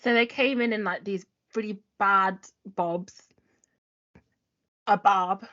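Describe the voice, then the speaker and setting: A woman's voice: medium pitch, fairly even intonation, a bit bright. Chatty young woman co-host. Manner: casual, quick and chatty with slang. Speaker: podcast co-host. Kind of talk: casual chat. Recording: dull lo-fi recording.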